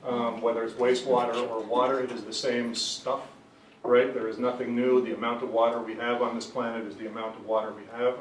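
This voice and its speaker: An animated man speaking on a conference panel, laughing often and tagging points with "right?". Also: medium pitch, a little hiss or hum. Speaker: panelist, association executive. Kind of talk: panel discussion with a joke. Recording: roomy, distant mic, faint ambience.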